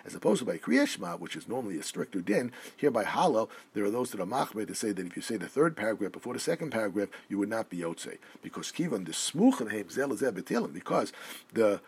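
A man teaching a halacha lesson, reading Hebrew text slowly and then explaining it in English. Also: fairly low pitch, sing-song, breathy edge. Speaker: Torah teacher.

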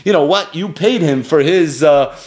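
A man giving an animated Torah lecture on rabbinic responsa, telling the story with chuckles. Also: moderate pace. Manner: animated storytelling with chuckles, lively pitch swings. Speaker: Torah teacher.

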